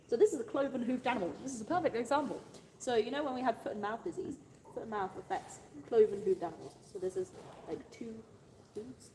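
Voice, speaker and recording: A woman's voice: mid-range voice, animated, fairly quick, big-room sound. A woman livestreaming from her farm. She coos fondly at her animals and chats and laughs with viewers. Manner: coos affectionately at animals, laughs often, rambles chattily. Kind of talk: chatty livestream talk to viewers. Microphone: handheld phone camera. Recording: noisy outdoor farm sound.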